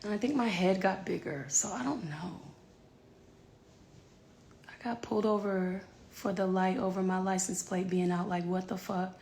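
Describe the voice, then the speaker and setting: A woman's voice: mid-range voice, steady tone, normal speed, darkish tone. A woman in her thirties chatting casually to camera at home, candid and rambling, swearing freely. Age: 30s. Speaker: singer filming herself at home. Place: home with a yard.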